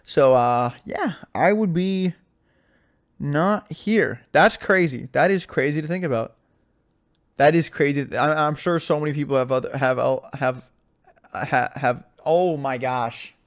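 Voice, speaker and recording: A man's voice: medium pitch, gravelly. A young man hosting a podcast on his own, chatting casually and telling stories with a lot of slang and filler words. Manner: animated storyteller, slangy, says "like" and "dude" a lot. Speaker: podcast host. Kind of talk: casual solo podcast chat.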